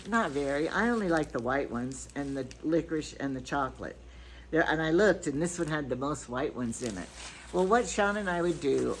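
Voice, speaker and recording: A woman's voice: low-pitched, a little hiss or hum, poor audio. An older grandmother chatting casually through a shopping haul, rambling from item to item with stories and asides. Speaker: vlogger.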